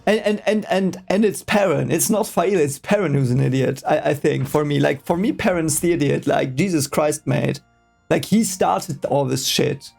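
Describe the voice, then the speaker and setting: A man's voice: fairly high pitch, normal speed, vocal fry, a little mellow, soft background music. A man whose first language is German, casually reading a book aloud for the first time and reacting with rambling, hesitant, exasperated asides.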